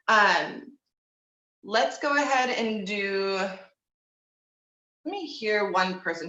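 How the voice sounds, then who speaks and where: A young woman teaching an online group voice class, speaking in a relaxed, encouraging way and demonstrating with hums and slides. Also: lowish voice. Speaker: vocal teacher. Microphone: video call. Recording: dull, echoey room sound.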